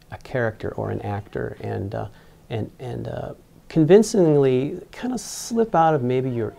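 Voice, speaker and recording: Here an engineer talks in an interview about mascot costuming, recounting a personal story in a meandering way, stopping and restarting with many fillers. His mid-range voice is creaky and warm, and there's slight background noise.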